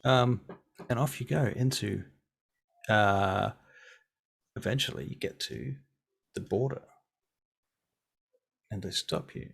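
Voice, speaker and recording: A man's voice: on the low side, slow pace, vocal fry, long pauses, slightly rough. A man, running a tabletop game as game master in a casual, playful way. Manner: casual, playful, with filler words.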